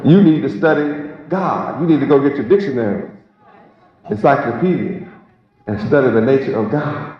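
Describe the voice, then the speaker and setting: A man's voice: mid-range voice, normal speed. Emphatic preacher man in an echoing hall. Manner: emphatic, repetitive, rhetorical questions. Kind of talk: sermon. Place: large hall with congregation. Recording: echoey hall, lo-fi, crowd.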